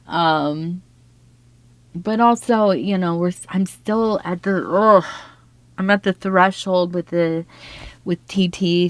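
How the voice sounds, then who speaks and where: A woman's voice: on the low side, no room sound. A woman doing a tea leaf reading for her viewers, talking in an earnest, heartfelt way. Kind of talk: casual spoken reading to viewers.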